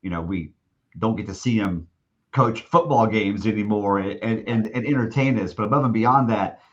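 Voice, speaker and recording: A man's voice: fairly low pitch, normal speed, lo-fi sound. A man telling a long anecdote as a podcast guest, restarting often and acting out what others said. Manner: rambling with many restarts, acting out quoted speech. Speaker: guest, stadium announcer. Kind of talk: storytelling in a podcast interview.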